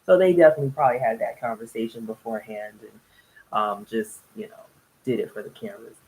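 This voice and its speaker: A woman's voice: very deep voice, expressive, quick pace, darkish tone, a little hiss or hum, poor audio. A young woman casually recapping a reality TV episode, chatty and rambling, often laughing between thoughts. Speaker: TV reality show reviewer.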